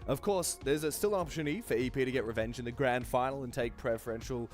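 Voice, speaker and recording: Man, esports co-host, mid-pitched voice, chatty, slightly under the weather, soft music behind. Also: fast. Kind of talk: live esports desk talk and interviewing.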